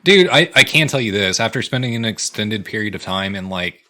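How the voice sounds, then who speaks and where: A man's voice: on the low side, animated, brisk, sharp tone. A man co-hosting a podcast, joking and cursing in a casual chat over drinks. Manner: profane, joking. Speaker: podcast co-host.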